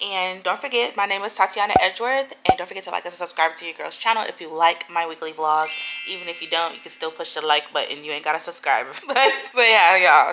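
A woman vlogger chatting casually at home on her couch, telling a story in an animated, ranting way. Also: on the low side. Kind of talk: casual chat.

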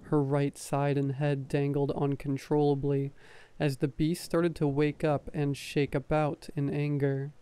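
A man narrates in a hushed ASMR reading voice, slow and close to the microphone. His tone sits a little high but stays mellow and flat, with a smooth, clean sound in a dry space. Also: dry recording. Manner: soft, slow, even storytelling delivery. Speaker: story narrator.

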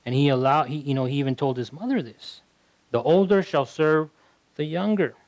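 Male pastor, fairly high voice, chatty Bible teaching, stumbles and repeats words, dry close sound. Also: moderate pace, darkish tone, dry recording, low-quality recording. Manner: conversational, repeats words while thinking.

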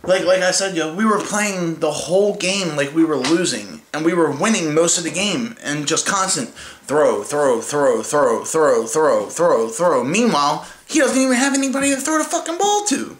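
A man's voice: high voice, sing-song, moderate pace, fairly bright tone. A man ranting about his football team in a heated, profane, mocking way. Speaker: sports fan ranting. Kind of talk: angry rant vlog. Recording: echoey room with faint noise.

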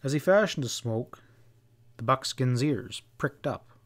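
A man reading a western novel aloud as an audiobook narrator, in a steady, measured storytelling voice. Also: mid-range voice.

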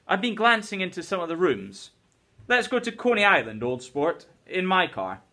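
A man voicing an eager, hesitant wealthy 1920s gentleman during a classroom read-aloud, coaxing and fond of saying "old sport". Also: high-pitched, very animated, normal speed, voice pushed up, heavily acted. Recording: teacher's recorded lesson video.

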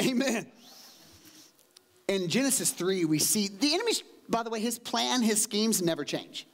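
A middle-aged man preaching a sermon in church, energetic, dropping to low asides and rising to loud exclaims, acting out quotes in changed voices. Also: moderate pace. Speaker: pastor. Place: church sanctuary.

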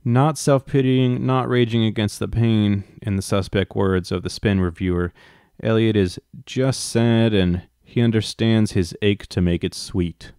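A man's voice: fairly low pitch, steady tone, a little slow, a little mellow, smooth, no room sound, studio quality. A man reading a book aloud and breaking off into wry, profane asides. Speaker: reader and commentator.

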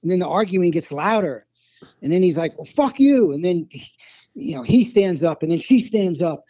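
A man in a casual chat recounts road stories in a rambling way, full of restarts. His voice sits a little high but sounds dark and mellow. The sound is dull and lo-fi, with a dry, close feel. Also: expressive, moderate pace, no room sound. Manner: rambling anecdotes with many restarts. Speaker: guest, former band road manager. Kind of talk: casual storytelling in conversation.

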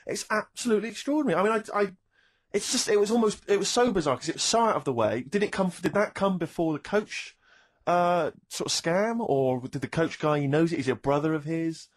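A man telling an amused travel story in a quick, animated, chatty way. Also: high-pitched. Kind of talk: casual podcast chat.

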